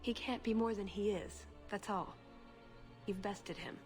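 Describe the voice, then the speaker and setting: A woman playing a gentle companion who urges mercy in video game dialogue. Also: mid-range voice, steady tone, a little slow, over music, natural voice. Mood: pleading.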